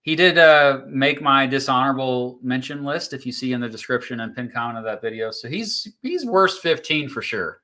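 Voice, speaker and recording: A man runs a casual livestream, going through viewer comments and explaining court rulings with lots of fillers and false starts. His medium-pitched voice is expressive, bright and forceful, moving at a normal speed with few pauses.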